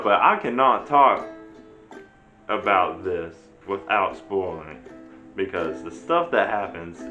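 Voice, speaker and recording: A man's voice: fairly low pitch, sharp tone. A man giving a casual, rambling spoken review of a show, chuckling often as he chats. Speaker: anime reviewer. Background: faint ukulele music.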